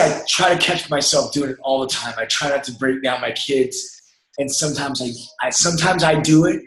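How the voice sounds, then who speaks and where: A man giving an emphatic motivational talk to a group, coaching them to drop doubt. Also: fairly high pitch. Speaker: motivational speaker. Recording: echoey room.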